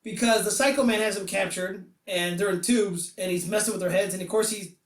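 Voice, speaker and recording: A man hosting a podcast and chatting about comics. He rambles, laughs often and slips into a high voice to act out quotes. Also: steady tone, fairly quick. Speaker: podcast host reviewing comics. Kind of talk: casual podcast chat. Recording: roomy echo, distant from the mic.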